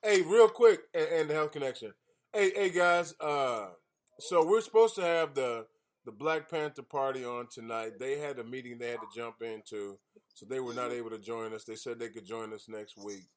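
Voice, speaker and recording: A man's voice: mid-range voice, normal speed. A man hosting an independent radio show over a video call, chatting loosely with lots of fillers and restarts. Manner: rambling, loose and joking, with many fillers and restarts.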